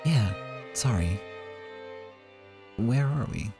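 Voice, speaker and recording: A man's voice: medium pitch, animated, drawn-out words, over music. A man voicing a blunt, irritable young woman in a visual novel, talking curtly.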